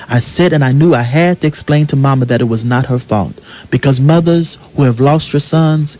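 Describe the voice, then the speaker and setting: A man's voice: medium pitch, moderate pace, darkish tone. An American man, a playwright, speaking in an impassioned radio interview with preacherly, rhythmic repetition. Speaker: guest playwright.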